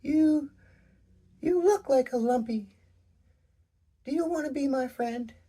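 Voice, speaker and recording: A man voicing a sweet, innocent little girl rock in a storybook reading, high and eager. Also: slow, warm tone. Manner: high, wide-eyed and eager.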